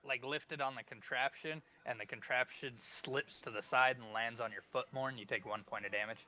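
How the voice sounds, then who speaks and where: A man's voice: mid-range voice, fairly quick, sharp tone, dull audio, a little hiss or hum. A man narrating as game master of a tabletop game, in loose, filler-heavy speech.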